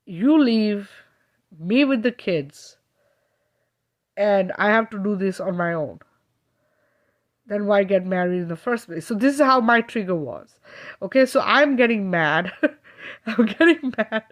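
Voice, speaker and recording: A woman speaks straight to her viewers in a loose, rambling way, full of fillers and restarts. She sounds earnest and emotional, with the odd laugh breaking in. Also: medium pitch. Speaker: spiritual channel host. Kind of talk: casual spiritual talk to viewers.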